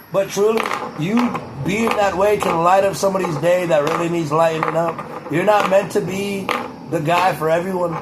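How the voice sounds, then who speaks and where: A man puts on a boastful older public figure giving a rambling motivational monologue. The voice sits fairly high for a man, keeps circling back to the same phrases and swears freely, with a touch of a Boston accent. A faint background hiss runs under the voice. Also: natural voice. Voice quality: rambling, repetitive, profane. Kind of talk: comedic impression monologue.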